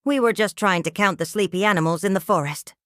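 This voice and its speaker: An older woman voicing a small, restless bunny in a children's bedtime story, earnest and soft. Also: mid-range voice, fast talker, no room sound, clean studio sound, lightly acted.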